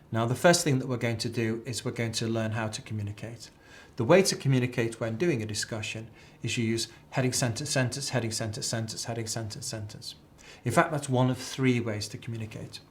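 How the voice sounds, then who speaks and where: A man teaching an accounting exam class, chatty and repeating key phrases as a drill. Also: medium pitch. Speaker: accounting tutor. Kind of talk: live exam tuition lecture.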